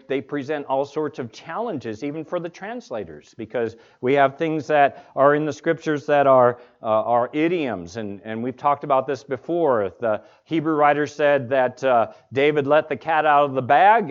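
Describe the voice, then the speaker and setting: A man's voice: fairly high pitch, normal speed. Storytelling male preacher, muffled lo-fi recording. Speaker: pastor. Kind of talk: sermon. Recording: dull lo-fi recording.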